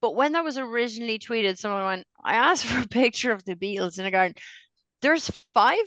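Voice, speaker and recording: A woman's voice: on the high side, fairly quick, no echo. A middle-aged woman, a podcast co-host telling stories in casual chat, swearing freely and laughing often. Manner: profane, animated storyteller, laughs often.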